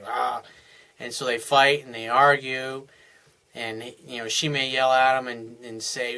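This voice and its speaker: A man's voice: medium pitch, steady tone, moderate pace. Male relationship coach, earnest advice monologue, middle-range voice. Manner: earnest, acts out couples' dialogue in softer voices. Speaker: dating and life coach.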